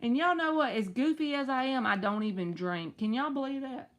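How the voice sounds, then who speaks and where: A woman's voice: high-pitched, brisk. A woman hosting a live tarot reading, talking in a chatty, reassuring way with playful slang.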